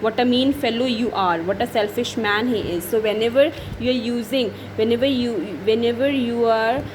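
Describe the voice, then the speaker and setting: A woman's voice: a little high, fairly even intonation, normal speed, background noise. A woman teaching grammar, explaining each example and often repeating and restarting phrases. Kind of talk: explaining grammar over slides.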